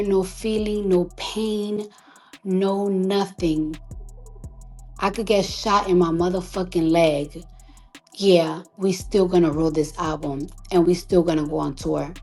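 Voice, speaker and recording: A woman artist delivering an emotional, defiant monologue on a live audio chat, repeating herself for emphasis, swearing freely and sometimes dropping to a hushed whisper. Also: lowish voice. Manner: emphatic, defiant, repetitive, profane; slows to a hushed whisper at times. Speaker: recording artist.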